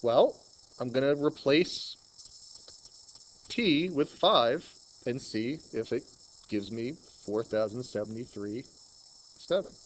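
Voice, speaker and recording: Chatty Long Island math teacher. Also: male voice, mid-range voice, lively intonation, slow, pauses often, slight background noise, rough recording. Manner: chatty, thinks aloud while working problems. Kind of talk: screen-recorded math lesson.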